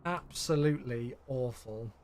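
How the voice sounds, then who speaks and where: Tired and yawning after his day, a man streams a flight sim and chats casually with his audience, reading messages aloud and thanking subscribers. He has a mid-range voice with a darkish tone and speaks a little slowly.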